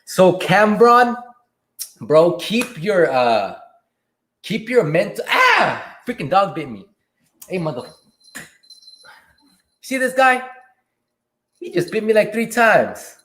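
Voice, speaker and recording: A man hosting a casual livestream Q&A, reading viewer questions aloud and answering them in a relaxed way from a room at home. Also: sits high, slow, long pauses, slight background noise. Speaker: livestream host and delivery driver. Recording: echoey room.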